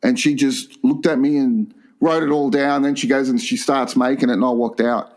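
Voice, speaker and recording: A man, cohosting a crude comedy podcast, telling stories and doing squeaky voices for the people he quotes. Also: steady tone, moderate pace, darkish tone. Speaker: podcast co-host.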